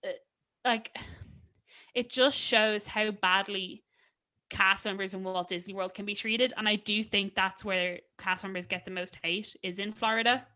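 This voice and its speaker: A woman's voice: medium pitch, steady tone, a little slow, sharp tone. A young Irish woman co-hosting a podcast, telling stories in a chatty way, full of fillers. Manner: chatty storyteller, filler-heavy. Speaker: podcast co-host. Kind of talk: casual chat.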